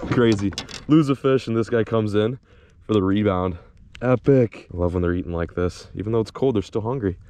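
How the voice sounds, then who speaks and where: A young man vlogging while fishing outdoors in winter, talking excitedly to the camera as he reels in fish. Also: on the low side, moderate pace, no room sound. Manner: excitable, exclaiming and laughing while reeling in fish. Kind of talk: casual on-camera fishing commentary.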